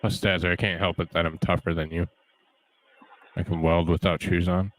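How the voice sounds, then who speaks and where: Deep-voiced man cracking dry jokes. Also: moderate pace, low-quality recording. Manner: dry joking, relaxed banter. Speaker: broadcast commentator. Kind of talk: casual chat on a live broadcast.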